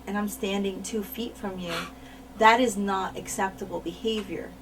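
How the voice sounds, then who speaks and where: Interviewed about her time in wrestling, a woman shares frank stories at a normal pace, doubling up words for emphasis. Her medium-pitched voice stays steady, captured by a distant mic with faint noise.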